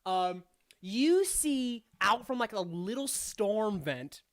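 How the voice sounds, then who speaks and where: A woman's voice: mid-range voice, animated, takes it slowly. A woman narrating a tabletop game as game master in a casual, rambling way, full of fillers and frequent laughter.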